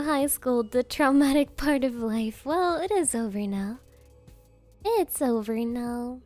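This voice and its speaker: A woman's voice: sits high, a little mellow. A young woman streaming as a VTuber, chatting casually and rambling with giggles and playful quoted voices.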